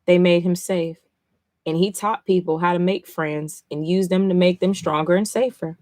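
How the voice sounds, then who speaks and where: A woman's voice: on the low side, fairly even intonation, moderate pace, dark tone, dry recording, studio quality. A woman streaming live as she reads comics aloud and reacts, emotional and blunt, swearing freely between passages.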